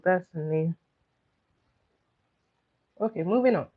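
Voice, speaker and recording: Speaking a little slowly at a fairly low pitch, a woman hosts a relaxed trivia game for her stream viewers. She coaxes them to answer and repeats every question she reads out to chat, all over dull, lo-fi stream sound.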